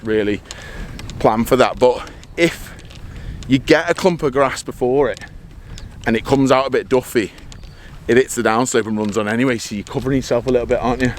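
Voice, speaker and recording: A man's voice: mid-range voice, brisk. Chatty man on a golf course. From England. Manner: chatty, excitable storyteller. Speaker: vlog host, golfer. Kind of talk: casual chat on the course. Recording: faint outdoor noise.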